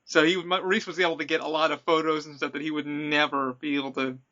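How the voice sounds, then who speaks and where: A man who formerly worked at an attraction hosts a podcast, swapping casual chat and stories where he animatedly performs the quotes. He speaks fast in a voice on the high side, captured with lo-fi sound.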